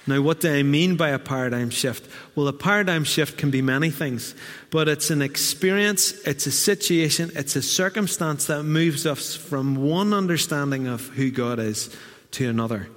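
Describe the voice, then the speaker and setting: A man from Northern Ireland with a Northern Irish accent preaching a sermon in a church, lively and humorous, with asides to the congregation. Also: fairly high pitch, normal speed. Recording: long church hall reverb.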